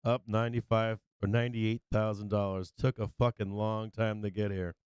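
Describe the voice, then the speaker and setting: A man hosting a live stream, greeting viewers by name in an excited, casual way, swearing and getting emotional. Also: lowish voice, normal speed, clear, resonant tone, dry recording. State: emotional, close to tears. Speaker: livestream host.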